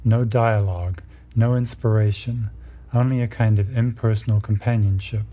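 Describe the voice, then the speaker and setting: A man with a husky voice giving a measured, explanatory lecture on myth and psychology. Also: lowish voice, mellow.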